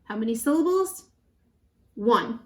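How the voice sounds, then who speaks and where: Brief: female pre-K teacher, slightly high voice, very slow deliberate pacing, echoey room. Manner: animated and encouraging, counting syllables slowly. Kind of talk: children's lesson.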